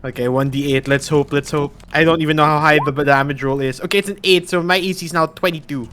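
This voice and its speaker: A man playing a tabletop game, talking in a hesitant, stumbling and excitable way. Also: a little high, fast, slight background noise. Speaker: player.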